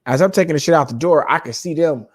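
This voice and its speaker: A man's voice: a little high, quick pace, no echo. A man hosting a podcast, telling a rambling, profane family story in a casual, laughing way from his home studio. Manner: profane, loose, laughing storyteller who acts out quotes. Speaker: podcast host. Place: home studio with lights and microphones.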